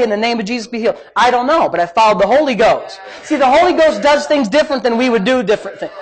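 A middle-aged man preaching, a pastor telling a healing story in an animated way, swinging between loud and soft and laughing as he talks. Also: high voice, brisk. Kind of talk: sermon storytelling.

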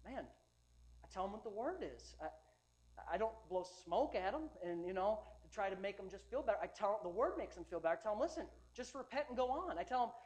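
A man preaching a sermon as pastor, emphatic, swinging between loud urging and quiet storytelling, often repeating words and restarting sentences. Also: sits high, lively intonation, a little fast.

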